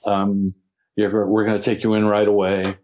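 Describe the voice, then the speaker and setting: An older man with a lowish voice spins a showbiz anecdote with relish, playing the other people in it and poking fun at himself. The audio is dull and lo-fi. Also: moderate pace. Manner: animated, acts out quoted voices, self-deprecating. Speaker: podcast guest, actor. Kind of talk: anecdotal storytelling.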